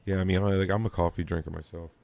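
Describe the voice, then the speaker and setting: A deep-voiced American man hosts a podcast in loose, casual chat. He talks fast, stumbles over his own restarts and swears freely. The sound is dry and close, with no room around it. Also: fairly even intonation, vocal fry, a little mellow, dry recording. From United States. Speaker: podcast host.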